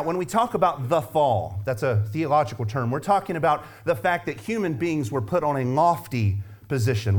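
A man's voice: mid-range voice, a little mellow. Emphatic male pastor preaching. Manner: emphatic, rhetorical questioning with repetition. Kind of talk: sermon.

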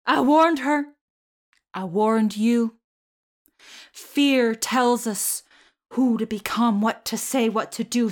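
A woman voicing a fanatical, doom-preaching religious mother in her middle years, with a mild Southern accent, delivered slowly and theatrically. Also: on the high side. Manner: slow, theatrical, preaching delivery with shouted lines.

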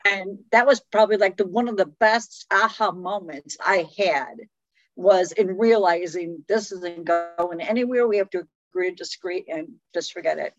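A woman's voice: on the low side, moderate pace, no echo. Reflective woman in a dry, dull recording. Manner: reflective, conversational, many fillers. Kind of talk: casual conversation about relationships.

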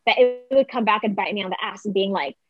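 A young woman telling a personal story in casual conversation, talking fast and filling her speech with "like". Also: mid-range voice, music in the background. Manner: chatty, heavy use of "like", quick quoted asides. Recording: slightly dull close dry recording.

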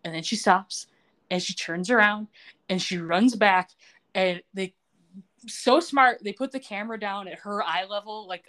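Female podcast co-host, middle pitch, lively scene-retelling. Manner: animated storytelling, acts out quotes. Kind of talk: casual podcast chat.

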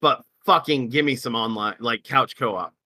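A man with a bright, forceful voice rants through a casual gaming podcast. He swears constantly and leans on "like" as filler, and the sound is dry and close. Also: medium pitch, moderate pace, no echo. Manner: heavy swearing, lots of "like", ranting. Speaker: podcast co-host.

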